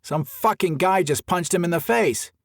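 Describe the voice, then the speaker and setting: A man's voice: high-pitched, normal speed, no room sound, clean studio sound, pitched above the performer's own voice. Audiobook: man playing agitated golf buddy, raised and indignant. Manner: excited, indignant outbursts. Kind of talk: audiobook character voice.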